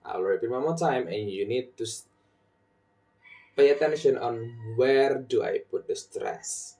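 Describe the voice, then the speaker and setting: Slow, deliberate young man teaching stress. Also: medium pitch, warm tone, recorded from a distance. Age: young adult. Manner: slow, deliberate, repeats example sentences with marked stress. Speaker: student presenter. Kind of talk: recorded phonology lesson. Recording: voice set back from the mic.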